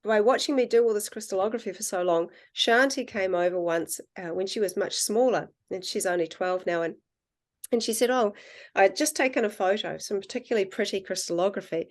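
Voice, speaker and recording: A woman guest in casual conversation, telling animated stories and acting out the dialogue. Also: medium pitch, brisk. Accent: non-American accent, self-described. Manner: animated storyteller, acts out quoted dialogue. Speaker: guest, water researcher.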